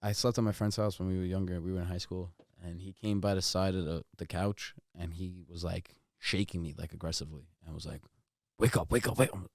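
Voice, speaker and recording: A man's voice: low-pitched, flat delivery, a little fast, gravelly, hardly any pauses, a little mellow, dry recording, studio quality. A young man in casual podcast chat, blunt and laid back, swearing freely. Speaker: podcast co-host.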